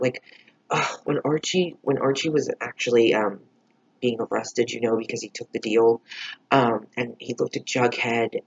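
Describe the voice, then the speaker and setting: Man, husky voice, casual reaction vlog, rambling, swears a lot, dull lo-fi recording. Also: medium pitch, moderate pace. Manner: rambling, heavy filler "like", frequent swearing. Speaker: TV episode reviewer.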